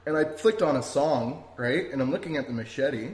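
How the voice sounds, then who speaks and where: A man's voice: medium pitch, fairly quick, a little mellow. A man hosting a podcast, telling a story in a rambling, casual way, laughing often and swearing freely. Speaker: podcast host. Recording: roomy echo.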